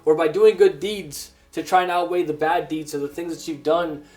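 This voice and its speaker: A grown man preaching a personal testimony sermon, earnest and halting, with many restarts. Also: on the high side, steady tone, darkish tone. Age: adult.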